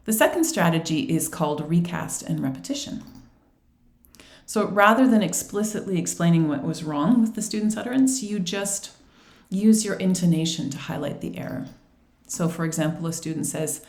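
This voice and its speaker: A woman giving an instructional presentation on feedback for language teaching, speaking clearly and patiently, acting out short teacher and student exchanges. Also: fairly low pitch, lively intonation, brisk, darkish tone, reverberant. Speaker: ESL teacher trainer.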